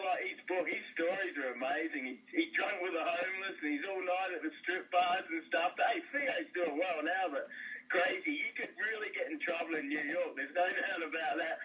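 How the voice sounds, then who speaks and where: A man's voice: sits high, pushed and bright, far from the mic, lo-fi sound. An Australian man, a guest sports commentator, chatting casually and calling the host mate. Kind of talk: casual sports talk on a call-in segment.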